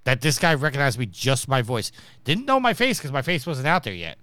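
New york guy hosting a podcast, bright crisp voice, dry close sound, tells stories and does the other people's lines. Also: medium pitch, sing-song, fairly quick, dry recording. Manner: storytelling, acting out quoted people. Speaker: podcast host. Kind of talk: casual podcast chat.

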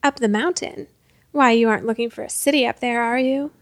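A woman's voice: high voice, moderate pace, no room sound, clean studio sound. A woman voicing a brawny, mocking male leader of a lumber crew, sly and teasing.

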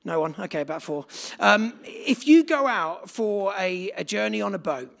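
A man's voice: high-pitched, lively intonation, normal speed, vocal fry, a bit bright. A man preaching a sermon to a live congregation in a conversational way, putting questions to the room. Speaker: pastor. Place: church gathering with live congregation.

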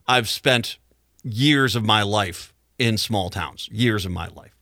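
Bright-voiced man rambling through a story. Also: lowish voice, takes it slowly, no echo, clean studio sound. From Midwest United States. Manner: rambling storyteller with frequent restarts and chuckles. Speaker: radio talk show host. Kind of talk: casual monologue.

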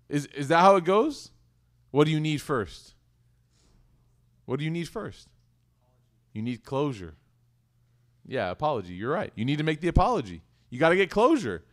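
A man giving an animated, conversational sermon, often putting questions to his audience. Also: on the high side, brisk, long pauses. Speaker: Islamic teacher.

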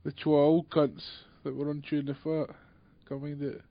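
A man's voice: a little high, little pitch movement, moderate pace, creaky, no echo, highs cut off. A young Scottish man co-hosting a casual film chat, blunt and sweary. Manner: blunt, sweary, laughs easily. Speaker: podcast co-host.

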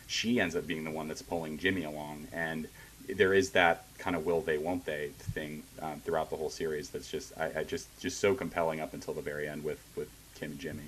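A man with an extremely deep voice speaking in a casual podcast discussion, with faint noise behind him. He is earnest and a little hesitant, and he often restarts his thoughts. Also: flat delivery, a little fast, fairly bright tone, low-quality recording.

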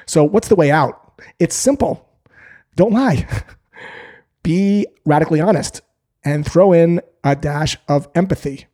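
Calm, direct male sales trainer. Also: a little high, a little slow. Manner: calm, direct, acts out short sample calls. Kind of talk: instructional talk to camera.

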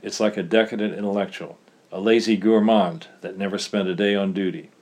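Male reader doing a furious old-army commander, loud and bitter, low voice. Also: steady tone, fairly quick, natural voice. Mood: fierce. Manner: ranting, loud and fierce. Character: bitter embattled Russian ex-army commander man.

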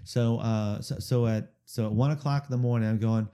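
A man's voice: fairly low pitch, fairly even intonation, brisk, mellow, clear, resonant tone. A man, a singer-songwriter guest, telling a rambling story in a casual interview and checking in with the listener as he goes. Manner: chatty, rambling storyteller who keeps checking in with "okay?".

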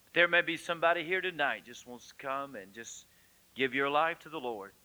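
Pastor giving an altar call, bright voice. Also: male voice, on the high side, fairly quick, rough recording. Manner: gentle, pleading invitation.

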